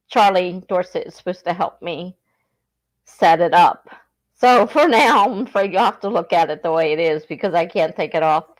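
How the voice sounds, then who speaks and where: This lowish-voiced woman from southern New Jersey hosts a laid-back livestream in a South Jersey accent. She chats, reads her viewers' comments aloud and laughs often.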